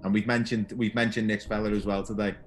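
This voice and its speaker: A man's voice: on the low side, level tone, fast talker. A man hosting a podcast, asking quiz questions in a casual, chatty way and laughing often. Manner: chatty, laughs often, calls guest "mate". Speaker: podcast host.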